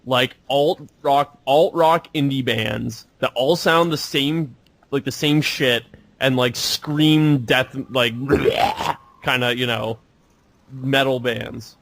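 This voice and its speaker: A young man with a gravelly voice rants bluntly and swears freely as a co-host. The sound is dry and close. It comes through glitchy, robotic-sounding voice chat audio. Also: mid-range voice, fairly even intonation, takes it slowly, fairly bright tone, no echo. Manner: blunt, profane ranting. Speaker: podcast co-host. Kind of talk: casual chat.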